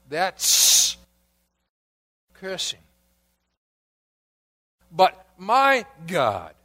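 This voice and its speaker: A pastor with a high voice preaches a sermon, putting questions to the congregation and sometimes dropping to a hush.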